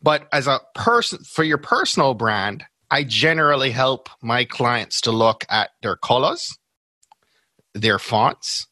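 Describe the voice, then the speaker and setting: Speaking unhurriedly with lively intonation, a Jamaican-accented brand strategist breaks ideas down step by step as a guest on a podcast, frequently asking "right?" in relaxed interview conversation. His voice is medium in pitch with a sharp tone, and the recording is dry.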